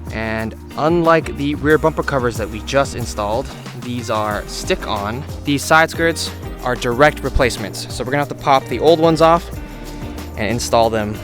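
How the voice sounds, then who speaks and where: A man's voice: medium pitch, normal speed. A young man casually walking through a car parts install outdoors, swearing now and then and hyped about the parts. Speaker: car modding vlogger. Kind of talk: casual how-to narration. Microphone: wireless clip-on mic. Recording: background music under voice.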